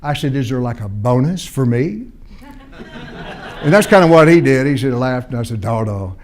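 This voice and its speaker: A man at a seminar tells a personal story to an audience. He acts out both sides of a conversation as he goes, and restarts and repeats phrases in a natural, unscripted way. His pitch sits in the middle for a man. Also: moderate pace. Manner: animated storyteller, acting out both sides of a dialogue. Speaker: speaker at a seminar.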